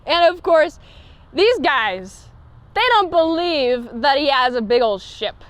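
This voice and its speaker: A woman's voice: sits high, big pitch swings, slow pace. A woman host chatting casually through a TV episode review, giggly and full of fillers.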